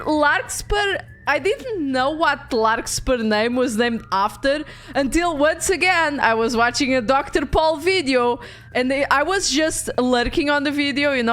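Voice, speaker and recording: Lively Portuguese-accented woman streamer. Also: high voice. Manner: animated, swears freely, stumbles and restarts. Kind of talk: casual game stream chat.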